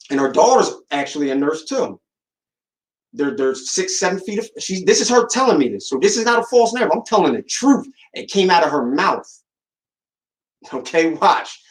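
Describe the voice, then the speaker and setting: A man holds forth on his podcast in a casual, storytelling monologue. His voice sits slightly high for a man. He hammers his points home through repetition and gets animated when recounting what others said. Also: moderate pace, poor audio. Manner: animated, rising in pitch when recounting dialogue; emphatic and repetitive. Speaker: podcast host.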